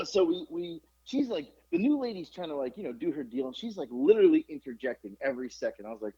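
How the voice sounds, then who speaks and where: A middle-aged man hosting a podcast, telling a story in casual chat, animated and profane with lots of fillers. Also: on the high side, fairly quick, slightly rough. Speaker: podcast host. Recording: dull lo-fi podcast recording.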